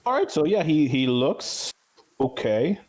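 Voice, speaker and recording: A man narrating as game master of a tabletop role-playing game, talking in a relaxed way with frequent fillers. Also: a little high, a little slow.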